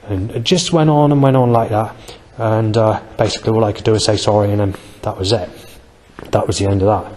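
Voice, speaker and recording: Man, rambling aggrieved vlog monologue, lowish voice, reverberant sound. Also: darkish tone, a little hiss or hum. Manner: rambling, aggrieved, halting with fillers. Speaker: vlogger.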